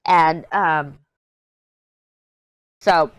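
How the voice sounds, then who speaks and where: A woman's voice: deep voice, steady tone, extremely slow, smooth, no room sound. A woman in her thirties chatting casually as a crafting vlogger while she works, rambling, easily sidetracked, candid and jokey. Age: 30s. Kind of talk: casual chat while diamond painting.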